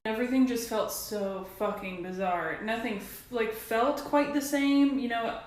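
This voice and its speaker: A woman telling a bizarre childhood story to her camera in a wry, puzzled, deadpan way. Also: fairly high pitch, a little slow. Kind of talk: casual storytelling to phone camera. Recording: very echoey room.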